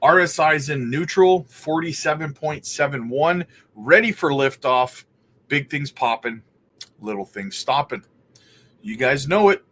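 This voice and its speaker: Guy running a crypto live stream, kinda high voice, hypes up the chat, calls everyone buddy. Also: a bit bright, breathy edge. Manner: upbeat, greets chatters by name, calls them buddy and brother. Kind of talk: casual live stream chart talk.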